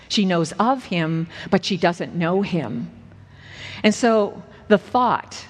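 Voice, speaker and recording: Woman preacher telling a story earnestly, mid voice, big echoey church sound. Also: medium pitch. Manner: earnest, slows down for dramatic moments. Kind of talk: sermon storytelling. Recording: echoey hall with long reverb.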